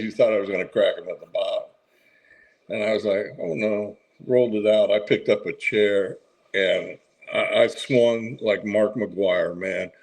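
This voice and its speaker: A man's voice: fairly low pitch, poor audio. Easygoing man telling an old story. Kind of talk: casual storytelling chat.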